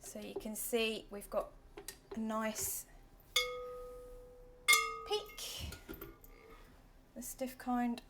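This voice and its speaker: A woman in her thirties hosting a casual cooking demonstration in a kitchen, chatty and playful, sometimes dropping to soft self-deprecating asides. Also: on the high side, level tone, drawn-out words, long pauses, heavy background noise. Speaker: cooking show host.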